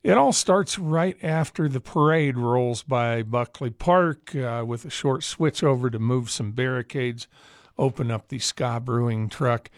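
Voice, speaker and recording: Male radio DJ, mid-pitched, casual and rambling, close dry studio mic. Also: measured pace, no room sound. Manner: chatty, rambling with fillers. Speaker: radio host.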